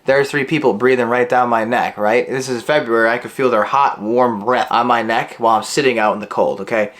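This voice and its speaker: A man's voice: medium pitch, brisk. A young man in his twenties from Illinois, telling a story in a casual vlog and acting out the dialogue. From Illinois, USA. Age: 20s. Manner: animated, acts out the dialogue.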